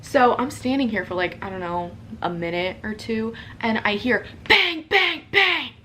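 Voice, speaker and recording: A woman's voice: medium pitch, normal speed, slight background noise. A young woman telling a story from her home in a casual vlog, chatty and full of "like" and "you know". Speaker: social media creator.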